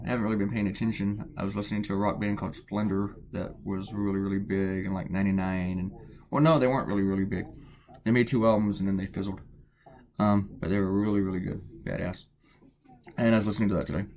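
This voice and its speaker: A man's voice: on the low side, steady tone, a little fast, pauses often. A man chatting casually and rambling, self-deprecating and filler-heavy, as he draws and colors a cartoon at home early in the morning, keeping his voice down. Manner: quiet to avoid waking people. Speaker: cartoonist narrating his drawing. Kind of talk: casual rambling commentary while drawing.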